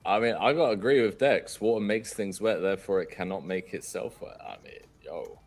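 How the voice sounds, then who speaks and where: A man's voice: lowish voice, fairly quick. A man with an Australian accent doing live poker commentary, joking and teasing his co-hosts.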